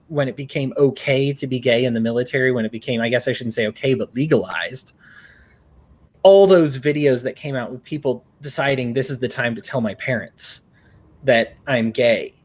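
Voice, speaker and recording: A man's voice: medium pitch, brisk. A man hosting an interview, earnest and rambling, with frequent restarts. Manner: earnest, rambling, often acts out quotes. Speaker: host.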